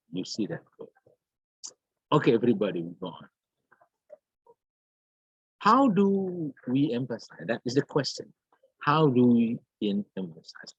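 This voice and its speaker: A male grammar teacher giving an online class lecture, explaining slowly and repeating himself with lots of fillers and "yeah". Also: medium pitch, a little mellow, husky, no room sound. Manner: slow, repetitive explaining with many fillers and "yeah". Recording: dull, dry lo-fi computer audio.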